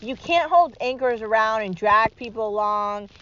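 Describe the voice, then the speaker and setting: A woman's voice: a little high, moderate pace, fairly bright tone, clean tone, dull audio. A woman talking alone in an emphatic, repetitive, rallying way, swearing freely. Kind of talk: solo monologue vlog.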